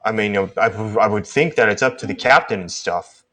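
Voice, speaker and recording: A man's voice: on the low side, moderate pace, a bit bright. A man doing a cocky ship's chef. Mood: boastful. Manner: rambling, hesitant restarts.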